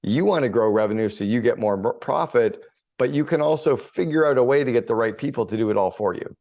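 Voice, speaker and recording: A man's voice: medium pitch, animated, fast, a little mellow, dull audio. A middle-aged man telling stories bluntly in a casual podcast conversation, with the odd swear word. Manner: blunt, storytelling with mild swearing. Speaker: business coach and author.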